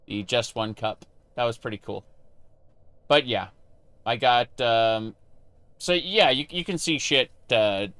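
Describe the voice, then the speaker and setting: A man chats with his stream audience between moments of gameplay, answering questions as they come in. He speaks slowly with a bright, smooth, clear voice. The sound is close and dry, straight into a desk microphone. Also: medium pitch, no echo. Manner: rambling, answers chat questions, frequent fillers and restarts. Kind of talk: casual live-stream chat while gaming.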